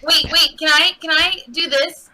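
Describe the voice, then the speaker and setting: A woman playing a tabletop game, playful and quick, tripping over her words. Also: high voice, fairly even intonation, bright, forceful tone. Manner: quick, playful, stumbling restarts. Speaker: player. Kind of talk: casual chat at a tabletop game.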